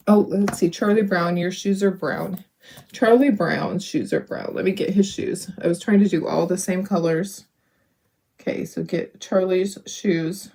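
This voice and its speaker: Chatty middle-aged woman, low voice. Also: darkish tone. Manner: rambling, chatty, laughs often, talks to viewers. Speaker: craft video host. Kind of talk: casual chat while painting.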